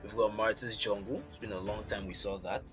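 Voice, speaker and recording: A man's voice: lowish voice, steady tone, a little fast. A man casting a live esports match, chatty and rambling, thinking aloud as he goes. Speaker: esports caster. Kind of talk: live game commentary. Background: game music.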